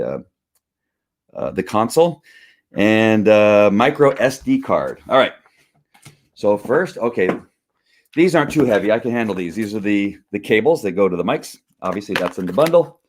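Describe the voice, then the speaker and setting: A man talks through an unboxing in his home studio, his voice sitting a bit low. He rambles easily, full of fillers and restarts, and sounds a little winded from lifting the heavy box. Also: a little hiss or hum. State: out of breath. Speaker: vlogger unboxing a gift. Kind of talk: casual live-stream unboxing.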